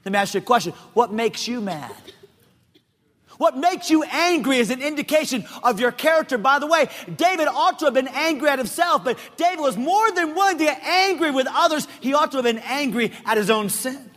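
A middle-aged male pastor preaching a sermon, emphatic, often shouting and repeating phrases for effect. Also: very high-pitched, lively intonation, brisk. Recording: long reverb of a large hall.

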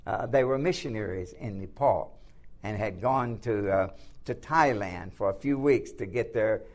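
A man's voice: lowish voice, a little slow, darkish tone. A man teaching a class on church missions from slides. He uses many fillers and restarts, repeats his points for emphasis and keeps checking in with "okay?". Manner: repetitive, filler-heavy, restarts often. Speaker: missions instructor.

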